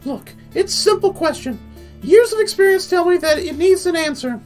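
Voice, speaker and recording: A man doing a pushy ex-soldier in a high voice. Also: animated, moderate pace, soft background music. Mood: insistent. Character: ex-military man, stubborn and insistent.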